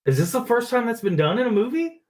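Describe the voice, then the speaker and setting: Man, podcast co-host, very animated pitch, jokey reactor. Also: fast talker, low-quality recording. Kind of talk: casual movie podcast chat.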